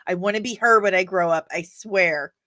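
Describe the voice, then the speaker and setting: A woman hosting a casual live stream of nerd news, chatting with the audience in an animated way and laughing often. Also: on the low side, normal speed, dry recording.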